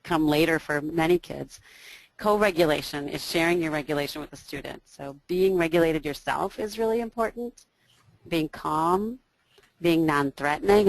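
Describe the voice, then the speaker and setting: A woman, an early childhood teacher, giving a training talk to educators with a booming voice, listing strategies with frequent ums and you knows. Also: no room sound, rough recording. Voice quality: loud, booming voice.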